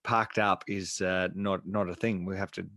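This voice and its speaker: Low-voiced man chatting motorsport. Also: fairly even intonation, moderate pace, pushed and bright, dry recording, studio quality. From Australia. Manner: chatty, many fillers and restarts. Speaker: podcast co-host. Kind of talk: casual motorsport chat.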